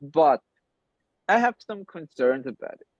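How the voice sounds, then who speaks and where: A blunt men's coach whose first language is German joins a casual interview over a video call as a guest, rambling animatedly and swearing freely. His voice is on the high side and a little slow. The call audio is dull and dry, with no room sound.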